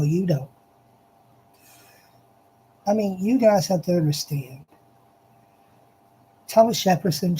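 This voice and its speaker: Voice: mid-range voice, dark tone, slight background noise, poor audio. A speaker giving an impassioned, repetitive monologue, addressing listeners directly and hammering each point with emphasis. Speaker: political commentator.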